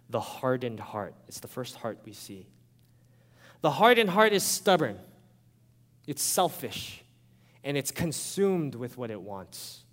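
A man preaching a sermon as a pastor, animated and conversational, often checking in with his listeners. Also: a little high, big-room sound.

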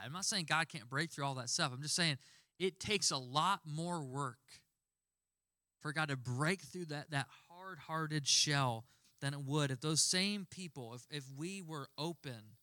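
A man's voice: on the high side, bright, forceful tone, dry recording, studio quality. A young man preaching a sermon in a conversational storytelling way, acting out the dialogue he quotes. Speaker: pastor.

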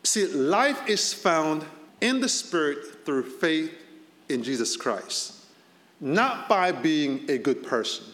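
A man's voice: a little high, big pitch swings, slow pace, fairly bright tone. A man, a pastor, preaching a sermon in a conversational way, his voice rising to stress key points. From Boston area. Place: church hall. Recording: long hall reverb.

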